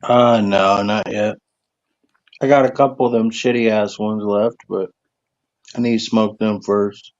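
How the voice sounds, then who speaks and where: A man's voice: on the low side, fairly even intonation, measured pace, muffled recording. A man chatting casually on a call in a laid-back, swearing way. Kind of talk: casual chat.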